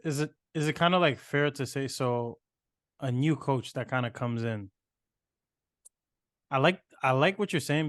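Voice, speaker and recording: A man's voice: mid-range voice, no room sound. Man hosting, dry close sound. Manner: searching, hedging questions with many fillers. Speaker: podcast host, coach. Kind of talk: casual interview talk.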